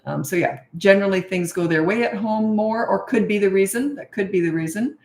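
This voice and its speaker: A woman's voice: medium pitch, brisk, a little mellow. Woman, middle-aged, parenting coach, casual live-stream chat, rambling, echoey room.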